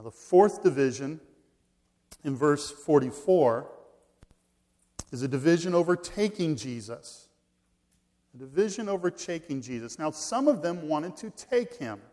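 A man preaching a sermon, reading scripture aloud and shifting between loud emphasis and quiet asides. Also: on the high side. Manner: reads scripture slowly, swings from loud stress to quiet asides. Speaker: pastor.

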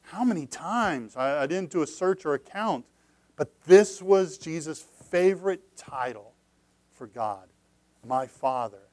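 A pastor preaching a sermon, earnest, repeating phrases and moving between hushed, low passages and loud, emphatic cries. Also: male voice, lively intonation, unhurried, dry recording.

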